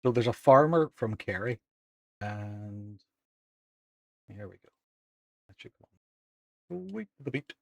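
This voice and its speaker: Northern Irish male streamer, mid pitch, dry close sound, excitable and self-deprecating. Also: no room sound. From Northern Ireland. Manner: excitable, self-mocking, reads out chat and thanks viewers. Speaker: game streamer. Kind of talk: casual live-stream chat.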